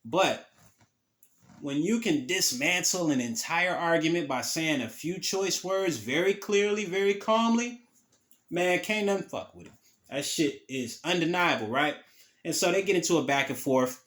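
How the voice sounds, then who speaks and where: A man's voice: on the high side, expressive, moderate pace, fairly bright tone. A man hosting a podcast, recapping an event in a loose, casual, profane storytelling way. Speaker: podcast host.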